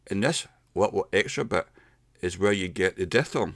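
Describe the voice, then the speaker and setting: A middle-aged man giving a casual pronunciation lesson, explaining step by step and slowing down to demonstrate sounds. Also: sits low, a bit bright, dry recording, clean studio sound. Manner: unhurried, explains step by step with slowed demonstration words. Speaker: English pronunciation teacher.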